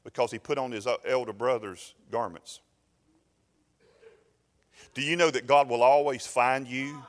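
A pastor, telling a story and building to loud, fervent preaching in a sermon. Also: male voice, medium pitch, big-room sound.

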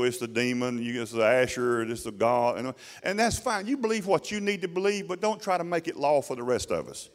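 A middle-aged man with a drawl delivers a sermon. He talks in a plain, folksy way and keeps putting questions to his congregation. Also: mid-range voice. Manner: colloquial preaching, asking the congregation questions. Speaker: pastor.

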